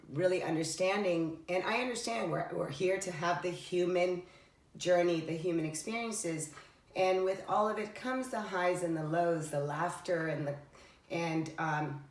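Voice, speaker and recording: A low-pitched woman talks through her spiritual lessons in an earnest, meandering way, pausing on fillers and correcting herself as she goes. She sits back from the microphone, so the room's echo hangs around her words. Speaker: spiritual tarot vlogger. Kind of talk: reflective spiritual monologue. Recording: echoey room, voice somewhat far from the mic.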